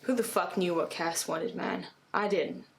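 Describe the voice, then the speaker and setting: A woman voicing a weary, hungover male monster hunter who mumbles, sounding a little lower and flatter than her own voice while she retells a story. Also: measured pace, vocal fry, a little hiss or hum. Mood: bitter.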